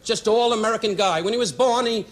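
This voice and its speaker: A man doing insult roast stand-up on a banquet stage, firing brash rapid jabs at the audience. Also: high-pitched. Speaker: roast comedian. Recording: noisy old archive recording. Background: laughing audience.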